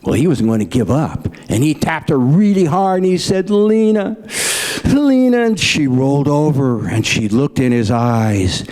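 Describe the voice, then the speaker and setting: Speaking at a normal speed with few pauses, this middle-aged man has a mid-range, slightly mellow, animated voice. He's a stand-up comic spinning folksy bits about his grandparents and mimicking them in raised voices.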